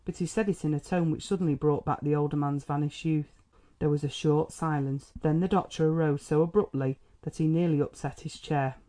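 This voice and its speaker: A man reading classic fiction aloud for an audiobook, measured and even. His voice is mellow and warm, with a relaxed tone. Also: fairly high pitch. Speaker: audiobook narrator. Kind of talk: scripted narration.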